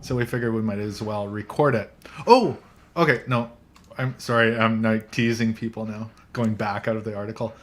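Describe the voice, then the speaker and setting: A man's voice: lowish voice, fairly even intonation, normal speed. A man hosting a casual tech chat show from a coffee shop, chatty and joking, laughing often. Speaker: podcast host.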